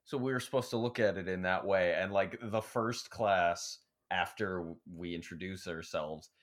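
A man's voice: low voice, moderate pace. A man co-hosting a podcast, telling a rambling college anecdote in casual chat, swearing and laughing along. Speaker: podcast co-host.

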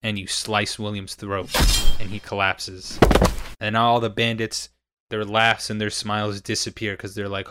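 A young man narrating a tabletop game as game master, casual and quick to laugh. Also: lowish voice, flat delivery, pushed and bright, clear, resonant tone. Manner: laughs often, casual and upbeat.

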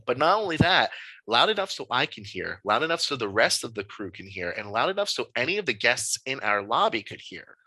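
A man, a podcast guest, telling stories from his life in a casual, animated and emphatic way. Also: mid-range voice, brisk, slightly rough, dry recording, poor audio. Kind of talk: casual storytelling.

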